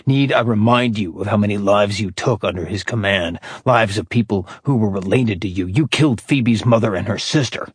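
A man voicing a calm, stoic immortal man who speaks in a dry, flat tone. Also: fairly low pitch, normal speed, hardly any pauses, husky, no room sound.

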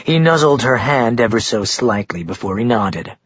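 A man with a husky voice reading a novel in even, measured narration. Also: medium pitch, dry recording. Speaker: audiobook narrator. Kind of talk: scripted narration. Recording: dry, dull lo-fi recording.

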